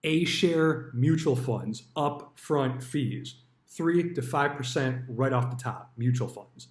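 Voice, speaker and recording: A man's voice: medium pitch, takes it slowly. A man, a retired stockbroker, telling stories about his old job in a blunt, casual way, swearing freely. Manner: blunt, swears freely, acts out quoted dialogue. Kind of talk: casual storytelling monologue. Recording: roomy echo.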